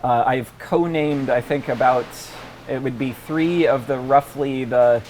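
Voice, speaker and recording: A man's voice: mid-range voice, measured pace, darkish tone. A man in his forties, a paleontologist guest, talking in a casual interview with frequent ums and restarts. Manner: thoughtful, many ums and restarts. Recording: faint background noise.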